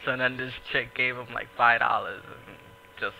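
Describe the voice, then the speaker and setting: A man hosting a casual podcast, telling a profane, animated story and acting out the people in it. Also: medium pitch, moderate pace, creaky, muffled recording, slight background noise. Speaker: podcast host.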